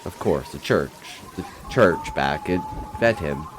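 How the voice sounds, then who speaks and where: Deep, slow-spoken horror narrator, man. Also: expressive, background noise. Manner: dramatic, intense first-person telling. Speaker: storyteller.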